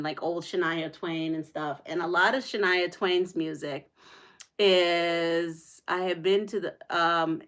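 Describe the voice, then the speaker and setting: A middle-aged woman hosting a livestream, telling a story in casual chat, laughing often and animated. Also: fairly low pitch. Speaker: livestream host.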